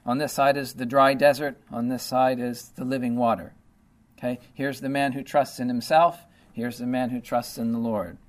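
A man's voice: mid-range voice, level tone, moderate pace. A man preaching a sermon in a conversational way, reading scripture and explaining it with lots of "okay" and "you know".

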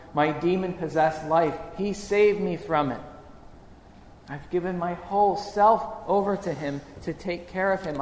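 A man's voice: high voice, a little mellow, a little hiss or hum, pitched above the performer's own voice. A man preaching in the voice of a grieving, devoted woman disciple, speaking emotionally in the first person. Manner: emotional first-person retelling, rising to anguished pleading. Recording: echoey hall with long reverb.

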